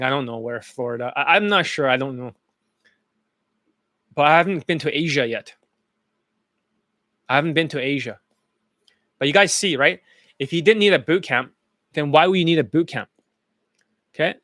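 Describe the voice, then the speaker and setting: A man's voice: medium pitch, moderate pace, long pauses, a bit bright, dry recording. Blunt, profane male coach, dry mic. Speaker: dating coach. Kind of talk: casual commentary over student testimonials.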